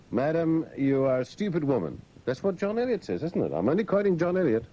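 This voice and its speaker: A sardonic male talk radio host with a mellow voice, rising and falling a lot as he mocks and rants. The sound is a dull lo-fi radio broadcast with faint hiss. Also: a little high, big pitch swings, a little fast, hardly any pauses. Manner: sardonic, mocking, with put-on silly voices.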